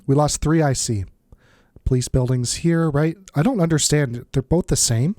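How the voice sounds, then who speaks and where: A man's voice: on the high side, moderate pace, mellow, no echo, studio quality. Stuffed-up man musing over a strategy game. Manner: thinks aloud, muttering asides. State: stuffed-up nose. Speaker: let's play host. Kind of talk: casual strategy game commentary.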